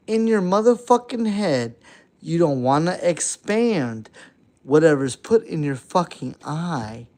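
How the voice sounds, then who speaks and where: A man giving a heated, profane late-night rant, swinging between shouting and muttering. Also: high voice. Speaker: vlogger.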